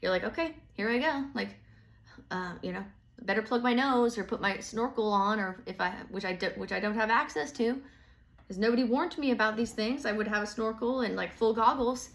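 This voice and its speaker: A woman's voice: mid-range voice, fairly quick, a bit bright. A woman giving a casual tarot reading, rambling and full of filler words, with the odd swear. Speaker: tarot reader.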